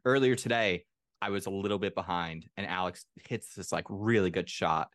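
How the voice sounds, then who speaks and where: A man's voice: deep voice, a bit bright, no echo. A man hosting a podcast in casual chat, telling teasing stories about his co-host. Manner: laughing, teasing storyteller, quick to chuckle.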